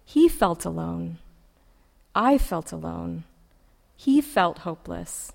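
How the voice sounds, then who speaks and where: A woman preacher giving a sermon, reciting a poem in a measured, poetic way with dramatic pauses, in a church sanctuary. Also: lowish voice, animated, creaky. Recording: long reverb of a large hall.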